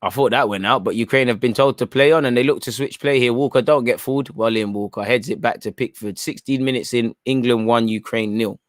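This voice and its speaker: A man at a middle pitch talks through a live football match in a casual, opinionated way. He reacts to the play and to his viewers, often ending phrases with "man." His voice is recorded dry and close, with little room sound. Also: fairly quick, few pauses, dry recording. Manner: reads chat messages aloud and reacts. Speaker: football watchalong host.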